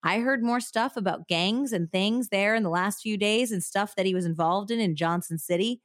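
A woman voicing a gruff, blunt older man with a Southern accent and a folksy drawl. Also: medium pitch, normal speed, no room sound, clean studio sound, lightly acted. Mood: defensive.

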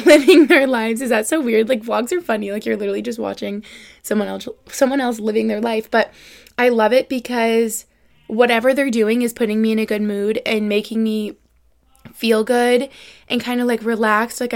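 Young female podcast host, casual and earnest, filler-heavy, somewhat high-pitched. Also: gravelly. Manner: rambling and chatty, many "like" fillers; earnest and emotional. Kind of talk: casual solo podcast chat.

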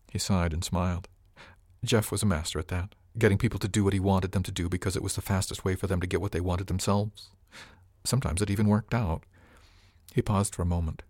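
A man reading a first-person story as an audiobook narrator, in a steady, plain storytelling manner. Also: low-pitched, quick pace, no echo, clean studio sound.

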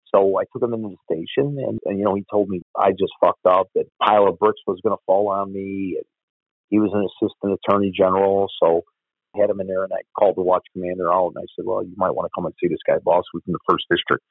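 A man's voice: deep voice, fairly even intonation, fast, no room sound. A former police officer, telling blunt, profane stories from his career in an interview. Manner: blunt, profane, gravelly storytelling. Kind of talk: storytelling interview. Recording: dry, phone-like audio.

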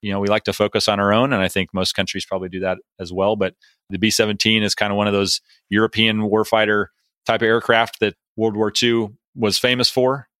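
Bright-voiced chatty American male host. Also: fairly low pitch, flat delivery, brisk, dry recording. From United States. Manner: chatty, self-deprecating, filler-heavy. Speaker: podcast host. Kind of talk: casual interview chat.

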